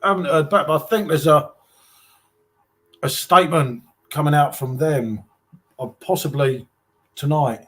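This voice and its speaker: Slightly high, a bit bright and husky, this English-accented man from England speaks at a measured pace with frequent pauses. Hosting a live stream, he chats casually, reads out viewer comments, and addresses people as mate.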